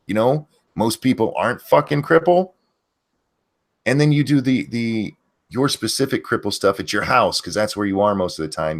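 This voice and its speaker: A man's voice: fairly low pitch, lively intonation, moderate pace. A man hosting a livestream, ranting bluntly and swearing a lot. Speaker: channel host. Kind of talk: profane ranting commentary on a stream.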